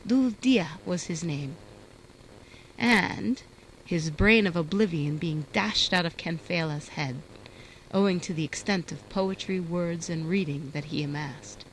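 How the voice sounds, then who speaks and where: Slow, deliberate woman reading aloud. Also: lowish voice, lively intonation, slight background noise, poor audio. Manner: slow, deliberate, measured recitation. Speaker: reader. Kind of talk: reading an old translated text aloud.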